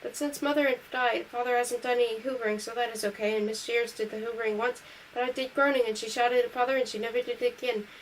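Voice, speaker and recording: A woman reading a novel aloud in a brisk, matter-of-fact first-person voice. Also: a little high, steady tone. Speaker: reader. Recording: distant mic with faint hiss.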